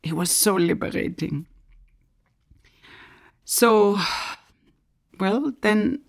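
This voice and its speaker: Introducing her book, this middle-aged author from Germany tells personal stories earnestly, her voice low-ish and creaky. Frequently she sinks to a soft near-whisper.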